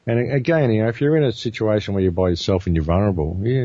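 A man's voice: fairly low pitch, racing, warm tone, husky, no room sound. A man talking bluntly on a talk show, rambling and often repeating his words. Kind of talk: casual talk show chat. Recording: muffled dry lo-fi recording.

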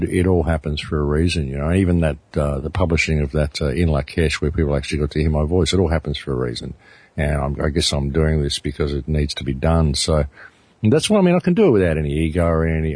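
Deep husky Australian man, hesitant. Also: darkish tone, no room sound. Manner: hesitant, repeats words, earnest. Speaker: interview guest, documentary maker. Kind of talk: reflective interview talk.

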